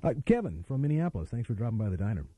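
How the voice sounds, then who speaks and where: A male radio host rambles wryly between callers. His voice is dark and mellow with a husky edge, and his pitch swings a lot as he talks. The sound is dry and close. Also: sing-song, rapid-fire, no room sound. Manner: rambling, wry, self-interrupting. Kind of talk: casual call-in radio chat.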